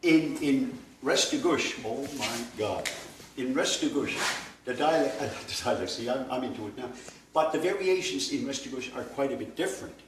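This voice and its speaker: Older man from Nova Scotia, rambling workshop lecturer, mid pitch, roomy distant sound. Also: animated, normal speed. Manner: digressive and anecdotal, with frequent fillers and chuckles. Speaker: language workshop instructor. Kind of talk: informal classroom lecture. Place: workshop room indoors. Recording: echoey room, distant mic, faint noise.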